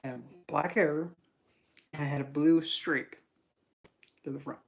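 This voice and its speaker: A man's voice: on the high side, steady tone, a little slow, gravelly. Rambling young man telling stories on stream. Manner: rambling storytelling with many fillers. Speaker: spiritual reader streamer. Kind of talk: casual livestream chat.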